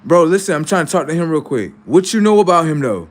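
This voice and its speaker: A livestream host with a fairly high, sing-song voice talks fast in heated banter, mocking and arguing in a slang-heavy style with lots of swearing.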